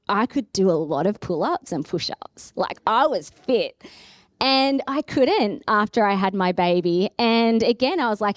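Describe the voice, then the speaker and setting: An Australian woman in her thirties giving a candid, chatty keynote talk at a conference, telling her story with animated asides. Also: a little high, dry recording, studio quality. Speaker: keynote speaker. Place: conference room.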